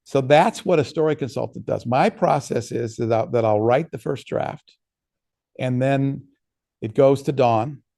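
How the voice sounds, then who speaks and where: A man's voice: mid-range voice, a little slow, gravelly, dark tone. A man, an author, giving a casual workshop talk and answering questions, telling stories in a conversational way with frequent restarts.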